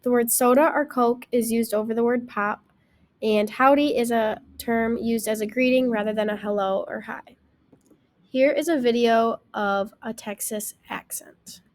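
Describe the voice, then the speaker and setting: A woman's voice: a little high, steady tone, normal speed. A young woman student reading her part of a prepared class presentation. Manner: reads prepared text.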